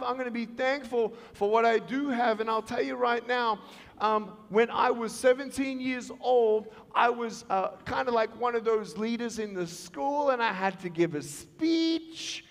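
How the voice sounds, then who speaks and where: A man giving a storytelling speech to students, animated and acting out the voices in his stories. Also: very high-pitched, normal speed, gravelly. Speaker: motivational speaker. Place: large school hall. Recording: long hall reverb.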